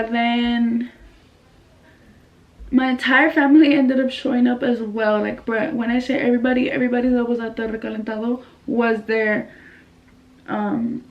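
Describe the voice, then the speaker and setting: A woman's voice: fairly high pitch, distant mic, lo-fi sound. A young woman from California telling a casual storytime, slangy and chatty, dropping Spanish phrases into her talk. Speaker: vlogger.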